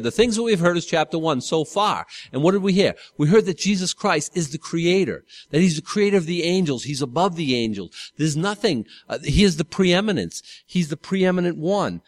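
A man's voice: a little high, lively intonation, normal speed, no room sound. A man pastor teaching a Bible study sermon in a conversational way, often correcting himself and asking the congregation questions.

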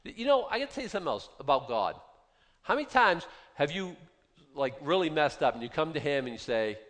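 A man in his fifties preaches a Bible sermon in a conversational way and keeps asking his listeners questions. His pitch rises and falls with lively swings. His voice trails off in a long reverb, as in a large hall. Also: brisk. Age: 50s.

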